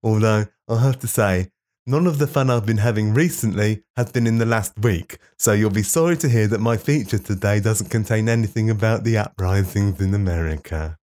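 A man's voice: on the low side, moderate pace, darkish tone, voice pushed down, natural voice. A man doing a comic impression of a smug, self-important politician, reading out a childhood diary in a pompous, mock-earnest way. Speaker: comedy podcast host.

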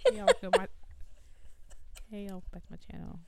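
A young woman co-hosting a podcast, chatting casually, talking fast and laughing often. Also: medium pitch, steady tone, creaky, noisy background. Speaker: podcast co-host. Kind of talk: casual chat.

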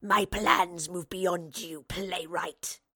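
A cold, snarling wraith, as a woman storyteller puts it on, drawing each word out in a slow, breathy hiss. The voice is close and dry, with no room sound around it. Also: lowish voice, steady tone, sharp tone, dry recording, heavily acted. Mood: menacing.

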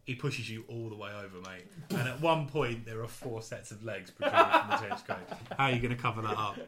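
A man narrating a tabletop game as game master, wry and deadpan, calling out difficulty levels. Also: medium pitch, a little fast, crowd noise.

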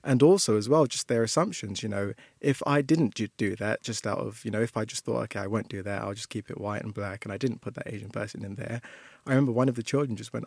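A man's voice: medium pitch, brisk, creaky, darkish tone, dry recording, clean studio sound. A man, a primary school teacher, telling reflective stories with many "you know"s. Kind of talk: casual discussion.

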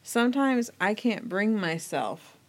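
A woman's voice: mid-range voice, animated, slow pace. A woman co-hosting a faith podcast in casual chat, speaking reflectively and confessionally. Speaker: podcast co-host.

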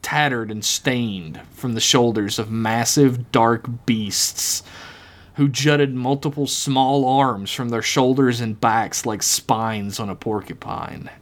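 A man's voice: mid-range voice, steady tone, takes it slowly. A man co-hosting a podcast, reading his own horror story aloud dramatically and laughing at his own jokes. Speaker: podcast co-host.

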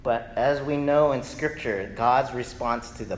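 A male pastor preaching a lively, conversational sermon that keeps checking in with the congregation. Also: medium pitch, a little slow. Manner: animated, conversational, often asks "right?". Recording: echoey hall, faint noise.

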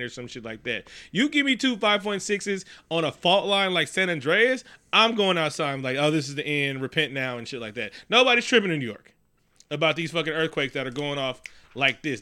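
Animated, profane man recapping a film. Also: mid-range voice. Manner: animated, profane, storytelling with voices. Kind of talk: casual movie recap chat.

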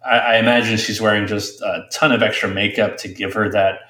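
A man's voice: lowish voice, level tone, brisk, pushed and bright. A man co-hosting a movie podcast, reacting with unease in casual talk, sometimes hesitant. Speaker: podcast co-host. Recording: roomy echo.

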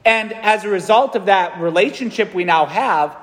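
High-voiced priest preaching in a church. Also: male voice, normal speed, a bit bright. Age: 30s. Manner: conversational, earnest, asking "right?" often. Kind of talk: sermon. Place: large church. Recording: long church reverb.

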